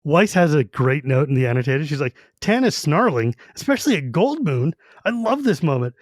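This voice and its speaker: A man co-hosting a casual book podcast, animated and quick to laugh while retelling scenes. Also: fairly high pitch, dry recording. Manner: animated, laughs often, reads quotes in voices. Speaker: podcast co-host.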